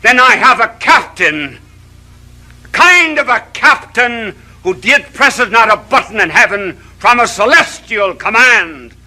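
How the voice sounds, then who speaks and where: A man's voice: extremely high pitch, animated, a little slow, bright, forceful tone, rough recording. A man, a bishop, giving a televised sermon in a studio, orating through long runs of rhetorical questions.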